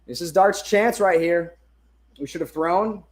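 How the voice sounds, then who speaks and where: A man giving live watch-along commentary on a game as a fan streamer. He is excitable and swears, swinging from hyped shouting to muttered asides, and talks into a phone held in his hand. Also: high voice, measured pace.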